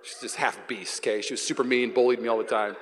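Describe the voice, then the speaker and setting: A man's voice: mid-range voice, fairly even intonation, fast, a little hiss or hum. A man in his thirties preaching a live sermon to his congregation as pastor, telling comic stories with playful acted sound effects. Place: church sanctuary before a congregation. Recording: reverberant live church hall.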